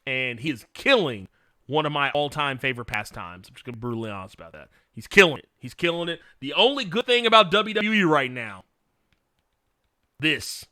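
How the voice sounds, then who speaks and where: Excitable man with a sharp bright voice. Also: medium pitch, a little fast, no room sound, studio quality. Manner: frank and excitable, laughs often, swears. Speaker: livestream host. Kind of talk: casual chat answering viewer questions.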